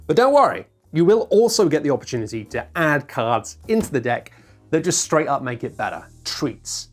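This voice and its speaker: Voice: medium pitch, big pitch swings, a little fast, faint music behind. A board game reviewer talking to camera in a chatty, self-mocking way, acting out players' lines in mock voices.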